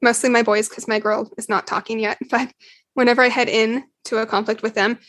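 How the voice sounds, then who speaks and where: A woman, a mother, calmly explaining parenting steps in a podcast interview. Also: a little high, brisk, no room sound. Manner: calm, explanatory, acts out quotes with laughs. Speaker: parenting guest.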